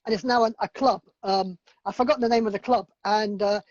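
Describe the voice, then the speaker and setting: A man's voice: high voice, steady tone, a little fast, no echo, dull audio. A man, a DJ and producer, chatting casually on a livestream, rambling through stories with lots of fillers and restarts. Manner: rambling, filler-heavy storytelling. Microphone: video call.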